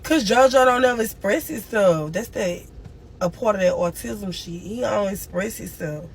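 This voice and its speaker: A woman's voice: medium pitch, moderate pace, a little hiss or hum. A grieving woman streaming live, telling a long emotional story and crying at times. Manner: tearful, cries and moans through the story.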